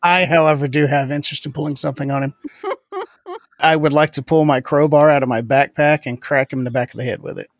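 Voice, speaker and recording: A man's voice: on the high side, fairly even intonation, brisk, no echo. A man playing a tabletop game, chatting casually and joking. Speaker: player.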